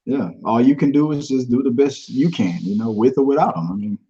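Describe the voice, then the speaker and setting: A man from Houston, Texas hosts a laid-back podcast chat, rambling and laughing often in a brisk, dark, mid-range voice. The audio is dull and lo-fi.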